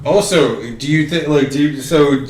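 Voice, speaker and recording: A man's voice: a little high, moderate pace, echoey room, a little hiss or hum. A man co-hosting a podcast, chatting casually and animatedly, swearing a lot while watching a fight. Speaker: podcast co-host.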